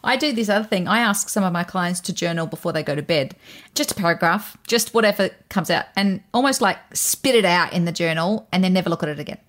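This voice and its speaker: A woman's voice: on the low side, quick pace, a bit bright. A woman hosting a casual podcast conversation, also a coach, chatting with good humour and laughing easily.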